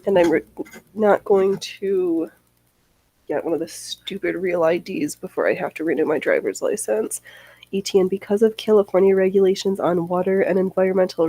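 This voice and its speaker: A woman's voice: medium pitch, mellow, slightly rough, no room sound, low-quality recording. A woman hosting a livestream, chatting casually and rambling as she answers chat comments, with frequent swearing. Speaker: livestream host.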